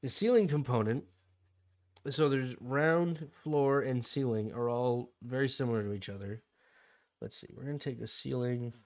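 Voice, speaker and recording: Speaking at a normal pace, this Canadian-accented young adult streamer has a medium-pitched, somewhat mellow voice. While playing games on a casual livestream, he drifts into side stories and reads out and replies to chat messages.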